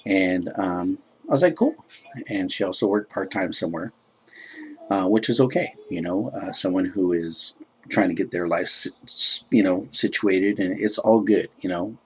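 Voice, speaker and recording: A man's voice: sits low, normal speed, breathy edge. A laid-back man casually telling a rambling personal story, filled with "you know" and self-described joking.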